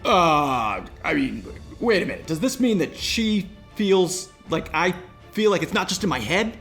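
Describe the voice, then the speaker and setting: A young man hosting and telling a campfire ghost story, dramatic, dropping to hushed whispers and jumping to excited outbursts. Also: a little high, measured pace, soft background music. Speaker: host and storyteller.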